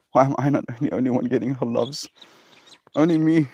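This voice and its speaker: Man putting on a whiny little puppy voice, jealous, petulant, soft, dry close sound. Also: mid-range voice, fairly even intonation, normal speed, breathy edge, dry recording, close to an everyday voice. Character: jealous attention-hungry little female puppy.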